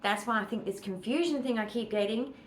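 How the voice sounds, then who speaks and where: A woman's voice: on the high side, a little fast, a little hiss or hum, poor audio. An Australian woman chatting casually to her camera as she walks around her home, rambling with fillers and asides. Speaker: vlogger. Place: at home, walking between rooms.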